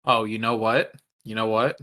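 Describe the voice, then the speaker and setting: A man's voice: lowish voice, level tone, normal speed, a bit bright. Laid-back guy joking around at a tabletop game. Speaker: player. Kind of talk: casual chat.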